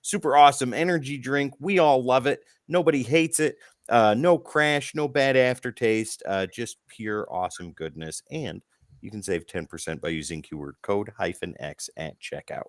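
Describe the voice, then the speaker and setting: A man's voice: mid-range voice, moderate pace, no echo, clean studio sound. A man co-hosting a comic book podcast, joking with his co-hosts and reading sponsor spots in a showman-like way. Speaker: podcast co-host. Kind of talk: casual chat and sponsor reads.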